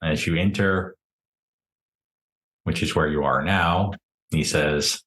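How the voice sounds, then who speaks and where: Deep-voiced, slow-talking male game master. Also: fairly even intonation, a bit bright. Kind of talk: narrating a tabletop game. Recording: roomy echo.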